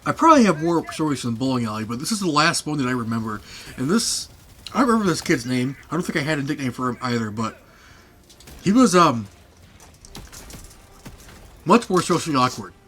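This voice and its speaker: A man's voice: mid-range voice, sing-song, fairly quick, pauses often, a bit bright, faint music behind. A young man casually telling funny stories from his past, rambling with fillers and laughing often. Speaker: podcast host. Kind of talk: casual storytelling chat.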